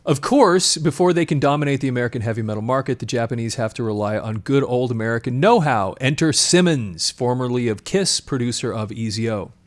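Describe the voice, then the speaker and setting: A man's voice: medium pitch, fairly quick, hardly any pauses. Man reading an old article aloud. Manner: reads quotes then breaks off to comment, animated asides. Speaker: podcast co-host.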